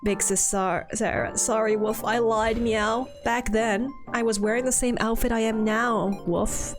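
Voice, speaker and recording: A woman's voice: a little high, steady tone, unhurried, pitched above the performer's own voice, lightly acted. Woman reading game cat boy, cheerful, catlike, meow and woof endings, faint music under. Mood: playful. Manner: ends lines with meow or woof.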